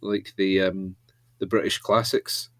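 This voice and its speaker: Low-voiced man telling a story. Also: level tone, measured pace, fairly bright tone, dry recording. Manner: hesitant, restarts sentences. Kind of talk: casual anecdote-telling.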